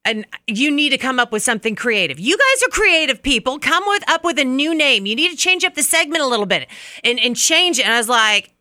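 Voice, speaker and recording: A woman co-hosting a morning radio show, telling stories in casual, animated banter. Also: sits high, brisk, no room sound, studio quality. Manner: chatty, animated storytelling. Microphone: studio microphone.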